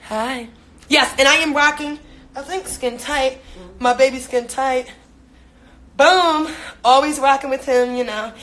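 A woman's voice: sits high, fairly even intonation, a little slow, a bit bright. A young woman chatting casually on a phone livestream, reading viewer comments and laughing often. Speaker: social media personality.

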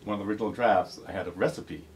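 A man's voice: on the low side, racing. A man, the author, reading his picture book to children in a bookstore and joking with them. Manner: playful, joking with kids. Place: bookstore, indoors. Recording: distant mic, noisy bookstore.

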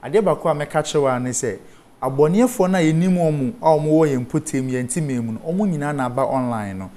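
A man's voice: fairly high pitch, a little fast, a crowd in the background. A man with a Ghanaian accent, a guest on a studio interview, explaining online safety step by step and spelling terms out letter by letter. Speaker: cybersecurity guest.

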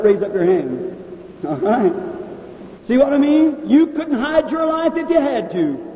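A male preacher at a revival healing service, speaking directly to people in the audience and calling out their ailments. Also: high-pitched. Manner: addresses audience members directly, calls out ailments. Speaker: evangelist preacher. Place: large meeting hall. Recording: echoey hall on a tinny old 1950s tape.

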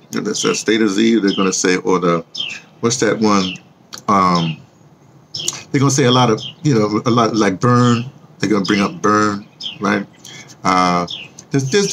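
A man's voice: fairly low pitch, vocal fry, slight background noise. A man talking casually to viewers in a rambling monologue, restarting sentences often and teasing them with questions. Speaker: vlogger and audio drama producer.

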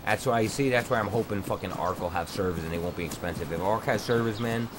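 A fast-talking young streamer with a lowish voice rants about his game from home, crude and mocking in his slang. His noise-cancelling headset mic captures him alongside a steady background noise.

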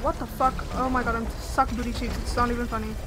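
A woman's voice: a little high, flat delivery, fast, very noisy. A young woman streaming a game live, shrieking, pleading and swearing as she plays, with bursts of laughter. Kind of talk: live gameplay commentary. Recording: game music behind the voice. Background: game music and sound effects.

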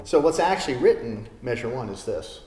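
A man's voice: medium pitch, brisk. Laid-back male guitar teacher, echoey hall, guitar playing under the voice. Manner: relaxed, with many fillers. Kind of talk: video lesson. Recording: roomy studio with long reverb. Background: classical guitar playing.

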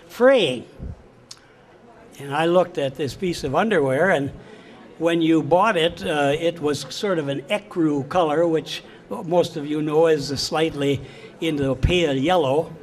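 An older man tells stories of his working days to a room of listeners. His voice sits a little high, and he is folksy and unhurried as he recalls old times. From Wisconsin, USA. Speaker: former store employee recalling his job. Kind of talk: telling anecdotes to a local audience.

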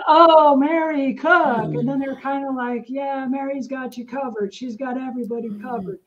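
A woman's voice: medium pitch, darkish tone. A woman hosting a podcast, chatting casually and telling stories with lots of fillers, acting out what people said. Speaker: podcast host. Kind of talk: casual chat, storytelling. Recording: dull lo-fi sound.

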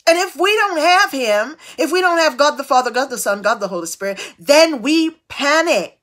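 A woman preaching a devotional sermon, tossing out call-and-response asides with sudden swings of pitch and loudness. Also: animated. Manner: slow, drawn-out delivery.

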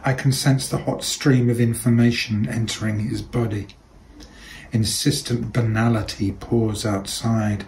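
Man, literary reading, measured delivery, very unhurried, faint background hiss. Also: mid-range voice, flat delivery, creaky, a little mellow, low-quality recording. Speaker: reader.

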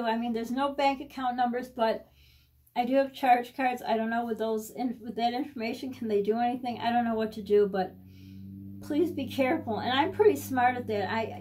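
High-voiced rambling woman vlogger. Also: a little mellow. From United States. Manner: rambling and anxious, restarting sentences. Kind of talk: casual personal vlog.

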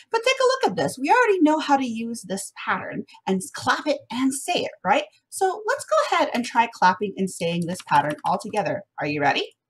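A young woman leads an online music lesson for first graders from home, using a cheerful, sing-song, encouraging voice that's slightly husky. Her pitch sits in the medium range, and there's slight background noise.

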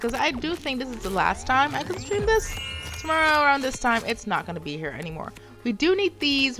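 A woman's voice: medium pitch, fairly bright tone. A woman livestreaming a game, chatting casually and exclaiming when startled. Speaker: streamer. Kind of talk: casual gameplay livestream chat.

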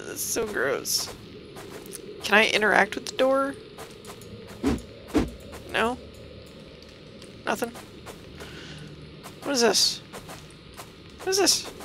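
A let's-play host giving casual, chatty gameplay commentary, reading game text aloud with quick exclamations. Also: medium pitch, pushed and bright, a little hiss or hum. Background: game music.

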